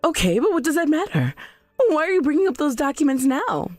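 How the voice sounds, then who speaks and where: A woman plays an indignant middle-aged mother in a storybook drama, defensive and quick to shift blame. Her voice sits a little high and swings widely, recorded dry and close. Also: big pitch swings, dry recording, soft background music. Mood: alarmed.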